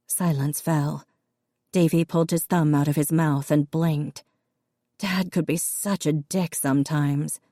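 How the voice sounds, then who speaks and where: Low, dark-voiced woman narrating. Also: steady tone, measured pace, no echo, clean studio sound. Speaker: audiobook narrator. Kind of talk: scripted audiobook narration.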